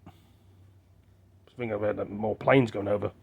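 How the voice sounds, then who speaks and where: A man's voice: fairly low pitch, steady tone, moderate pace, gravelly, slightly rough, narrow, tinny audio. Rambling man thinking aloud on his phone. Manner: meandering, thinking aloud with many fillers and restarts. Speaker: vlogger. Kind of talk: rambling casual monologue to camera.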